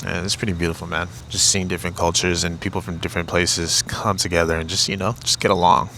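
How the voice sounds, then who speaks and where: A man's voice: low-pitched, level tone, fast talker, bright, forceful tone, a little hiss or hum. A young American man, a vlogger, talking in a laid-back, rambling, reflective way, often saying "man" and "like". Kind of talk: reflective casual monologue.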